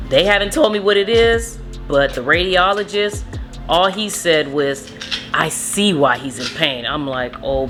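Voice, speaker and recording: Young woman, casual storyteller, low-set voice, animated retelling over faint music. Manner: animated retelling, acts out quotes. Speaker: vlogger, mother.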